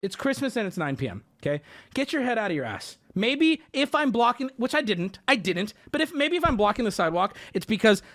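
A male streamer tells a story in an animated, indignant rant. His voice swings widely, shooting up when he's exasperated, and he swears freely. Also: a little fast. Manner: voice jumps high when exasperated.

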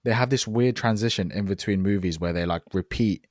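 Low-voiced guy rambling on a podcast, lots of likes and ums, dry mic. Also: a little fast, darkish tone, no echo. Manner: rambling, many fillers and restarts. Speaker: podcast co-host. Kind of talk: casual chat.

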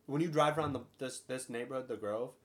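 A young man in casual chat, cracking quick jokes and swearing in easy banter. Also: mid-range voice.

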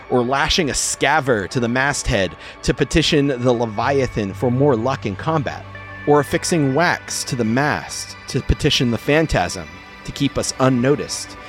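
A man narrating a tabletop game as game master, relaxed with fillers. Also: medium pitch.

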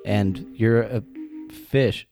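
A man's voice: fairly low pitch, steady tone, very slow, vocal fry, dark tone, faint music behind. A man playing his character in a tabletop game, casual and joking. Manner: casual, joking, plain-spoken. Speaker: player. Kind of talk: tabletop role-play, in character.

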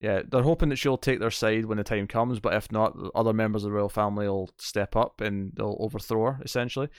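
A man's voice: on the low side, clean tone, no echo, clean studio sound. Opinionated British man in casual chat. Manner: animated, opinionated, quick to joke. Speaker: podcast co-host.

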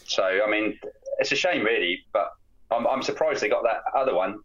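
A man's voice: on the low side, brisk, a bit bright, dull audio. A man co-hosting a casual film-review podcast, rambling and repeating words with plenty of fillers. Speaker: podcast co-host.

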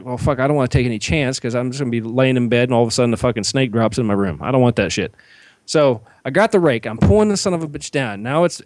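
A man, co-hosting a podcast and telling a profane, animated comic story that he acts out. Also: medium pitch, no room sound. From Georgia, US. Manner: animated, swears constantly, acts out his own shouts. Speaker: podcast co-host.

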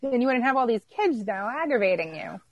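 A woman's voice: fairly high pitch, big pitch swings, brisk, no echo, highs cut off. Blunt sarcastic woman, dry sound. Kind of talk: casual chat over a call.

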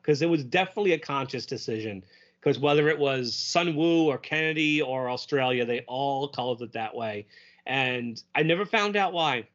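Animated man chatting on a podcast. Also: fairly high pitch. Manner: animated, laughs often, quotes characters in funny voices. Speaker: podcast co-host. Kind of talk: casual chat. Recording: dull lo-fi audio.

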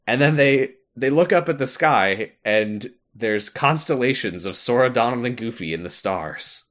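A man's voice: medium pitch, moderate pace, hardly any pauses. Guy recapping a game on a podcast, voice bounces all over, laughs a lot. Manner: animated, laughs often, acts out characters' lines. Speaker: podcast co-host. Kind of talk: casual chat recapping a video game.

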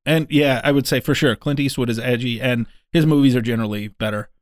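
A man's voice: medium pitch, fast talker, no room sound. Male podcast co-host, playful and blunt, dry studio sound. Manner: playful, jokey, blunt opinions. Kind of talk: casual movie podcast banter.

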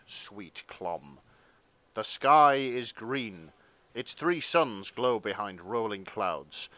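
A man's voice: lowish voice, sharp tone. A man narrating a comic fanfiction reading in a mock-dramatic way, often breaking into laughter.

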